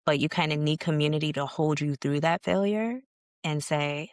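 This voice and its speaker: A woman's voice: low voice, moderate pace, dry recording, clean studio sound. A woman guest on a podcast, telling her story in a frank, casual way with slang and some swearing. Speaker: podcast guest, founder of a leadership organization. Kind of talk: candid conversational storytelling.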